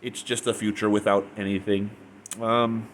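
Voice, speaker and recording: A man's voice: on the low side, little pitch movement, moderate pace, slight background noise. A man giving a casual spoken review, retelling a story in a rambling way full of "like" and restarts. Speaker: fanfiction reviewer.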